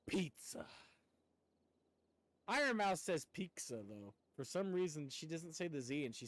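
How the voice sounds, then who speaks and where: A man's voice: on the high side, no echo. A man streaming a game, chatting casually with viewers in a rambling way and laughing often. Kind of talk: casual chat while gaming.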